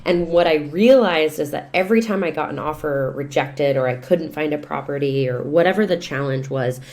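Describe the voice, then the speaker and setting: A woman, a real estate investor and coach, talking as a podcast guest in lively, expressive storytelling. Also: low-pitched, normal speed. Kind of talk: casual podcast conversation.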